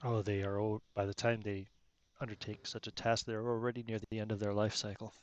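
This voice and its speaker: A man voicing a calm, formal underground-dwelling envoy in a tabletop role-play game. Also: fairly low pitch, muffled recording, lightly acted. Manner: measured, formal, explanatory.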